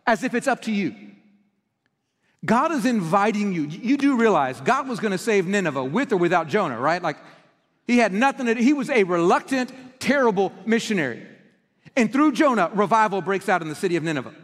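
A man preaching a passionate sermon, swinging between emphatic peaks and hushed lines in a church sanctuary. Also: high-pitched, animated, brisk, in a large hall. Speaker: pastor.

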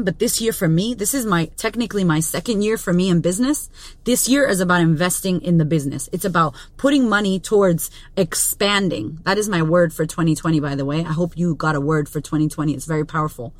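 A woman's voice: lowish voice, dry recording. A woman in her thirties, a business coach and podcast host, delivering a blunt, profane motivational monologue with strong emphasis. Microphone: studio podcast mic.

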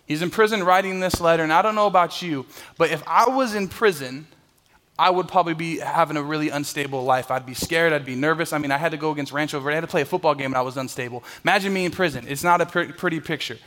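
A young man preaches to his church in a slightly higher voice. He tells his stories with energy and acts out the people in them, then moves into prayer and scripture. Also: quick pace. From Southern California. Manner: animated storyteller, acts out voices. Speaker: pastor. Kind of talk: sermon with a personal story.

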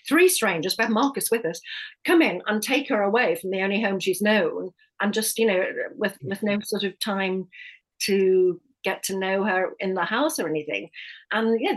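A woman's voice: medium pitch, breathy edge, low-quality recording. A middle-aged woman, a hypnotherapist and life coach, sharing a personal story as a podcast guest, speaking candidly and often restarting her sentences. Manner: candid, with frequent restarts and self-corrections.

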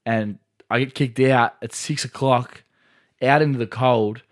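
A man's voice: medium pitch, steady tone, unhurried. A young man with an Australian accent, co-hosting a casual podcast and rambling through a story, full of filler words and swearing. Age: young adult. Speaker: podcast co-host. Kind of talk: casual chat.

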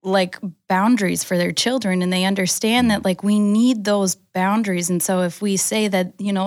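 A woman's voice: mid-range voice, fairly even intonation, measured pace, darkish tone, dry recording, clean studio sound. A woman co-hosting a church podcast, talking casually and hesitantly, full of "um" and "like". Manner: agreeable, hesitant, fillers like "um" and "like". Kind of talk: casual chat.

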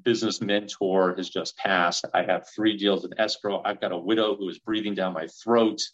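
Male guest in his 40s, low-pitched, animated storyteller, muffled lo-fi recording. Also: normal speed. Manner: animated storyteller acting out quoted dialogue. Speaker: real estate investor guest. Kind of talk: storytelling in a podcast interview.

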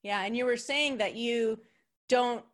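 A woman's voice: on the high side, a little slow. Bubbly New York woman hosting a podcast. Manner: bubbly, chatty, laughs often. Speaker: podcast host. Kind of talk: casual interview chat.

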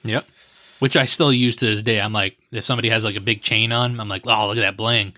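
A man in his thirties co-hosting a casual podcast, laid-back and teasing, and quick to laugh. His voice is bright and forceful, recorded close and dry with almost no room sound. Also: lowish voice, fairly even intonation, no room sound. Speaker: podcast co-host guessing slang. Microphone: podcast mic up close.

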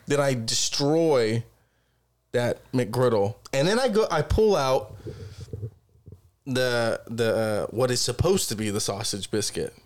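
Speaking slowly in a medium pitch, this podcast co-host relates casual anecdotes packed with swearing. He's animated, cursing nonstop and acting out each side of the conversations.

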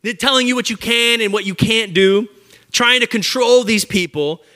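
An energetic man preaching a lively, conversational sermon at a church service. He jokes and calls out to the audience directly. His voice sits high and sounds bright. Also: normal speed.

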